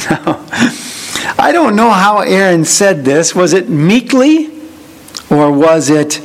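A man with a high, light voice preaching a sermon. He talks through his points with dry humor and slips into playful voices for the people he quotes. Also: big pitch swings, slow pace, long pauses, rough recording. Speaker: pastor.

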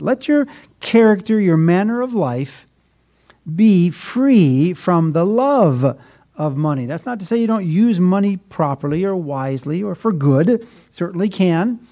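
A man with a high voice preaches a sermon. He is middle-aged and explains scripture with folksy, self-deprecating stories, and he leans hard on key words. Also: dark tone. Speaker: pastor.

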